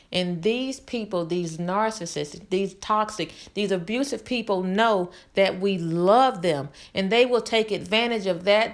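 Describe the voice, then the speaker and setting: Woman channel host, candid personal talk, earnest, repeats for emphasis, medium pitch.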